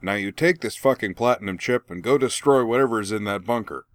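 Brief: a man doing a brash young woman spinning a rowdy tale, raised pitch, audiobook style, dry read. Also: a little fast, no echo, lightly acted. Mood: animated. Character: brash young woman telling a war story.

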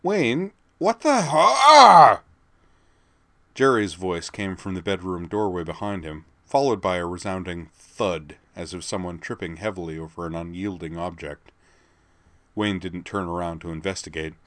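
A man with a low, deep voice reads a story aloud at a measured, even pace. His delivery is steady, and the recording is dry and close with no room sound. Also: no room sound. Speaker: narrator. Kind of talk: audiobook narration.

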